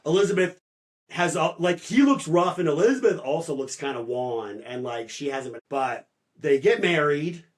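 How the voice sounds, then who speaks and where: Guy co-hosting a book podcast, bit high voice, rambly casual recap w/ goofy character voices. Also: expressive, normal speed. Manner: retells the plot in loose paraphrase, many "like" fillers, mock-voicing characters. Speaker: podcast co-host.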